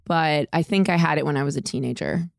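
A young woman co-hosting a podcast in casual chat, playful and quick to laugh. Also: low voice, creaky, no room sound, studio quality. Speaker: podcast co-host.

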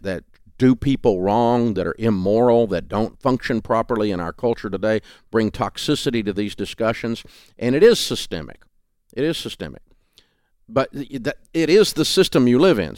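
A man's voice: fairly low pitch, no echo, clean studio sound. Southern-accented man, folksy and emphatic. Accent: Southern US, Tennessee. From Southern United States. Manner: folksy, emphatic, restarts often. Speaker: guest, radio host and author. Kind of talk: remote interview.

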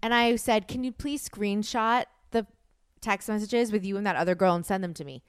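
A woman's voice: mid-range voice, normal speed, smooth, dry recording, clean studio sound. A woman in her thirties co-hosting a podcast, chatting casually and talking over her partner. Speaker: podcast co-host. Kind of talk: casual chat.

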